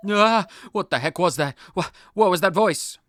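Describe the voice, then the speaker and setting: A man's voice: a little high, expressive, very fast, fairly bright tone. A man voicing a nervous, easily startled schoolboy.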